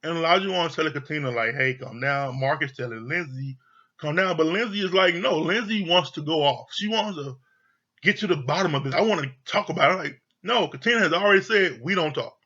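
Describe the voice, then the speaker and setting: A man with a fairly high, bright voice talks through a reality show episode in loose, profane commentary, slipping into quoted lines as he goes. The sound is a little dull and lo-fi. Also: lively intonation, brisk. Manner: candid, profane, retells scenes with quoted voices. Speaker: show reviewer. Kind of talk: casual recap commentary.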